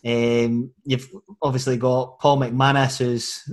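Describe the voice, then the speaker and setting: A Scottish man hosting a casual podcast, asking questions and sharing memories in a relaxed, chatty way. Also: medium pitch, slow pace. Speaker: podcast host.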